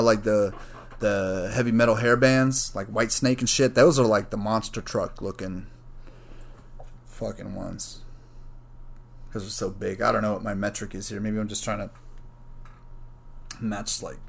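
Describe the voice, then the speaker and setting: Rambling, profane podcast man, low-pitched. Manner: rambling, profane, thinks out loud. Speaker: podcast host. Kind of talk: casual solo podcast rambling.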